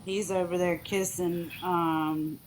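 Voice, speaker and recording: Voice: medium pitch, little pitch movement, slow. A speaker on a live stream heckling bluntly and swearing freely. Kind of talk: casual live stream chat.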